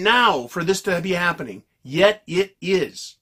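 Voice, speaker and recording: A man delivering a heated, profanity-laced monologue to his viewers, yelling and venting. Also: sits high, expressive, measured pace, few pauses. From United States. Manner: yells and vents angrily, heavy swearing. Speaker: political commentary vlogger.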